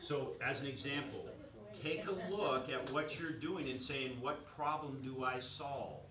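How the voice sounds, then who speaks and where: An American man presenting at a small business workshop, energetic and joking, asking the audience questions. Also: medium pitch, a little slow. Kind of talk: live seminar presentation. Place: meeting room with small audience. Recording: roomy echo from a distance with faint noise.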